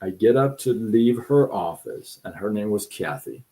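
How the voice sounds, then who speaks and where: A middle-aged man on a live stream tells a personal story in a lowish, mellow, sing-song voice at normal speed. The casual telling rambles and loops back on itself, and he imitates the voices of those he quotes.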